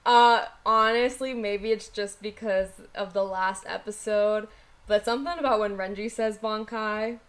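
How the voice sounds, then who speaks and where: A woman's voice: medium pitch, steady tone, fairly bright tone. Enthusiastic young woman podcaster. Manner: enthusiastic, quick agreeing interjections. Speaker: podcast co-host. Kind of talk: casual chat.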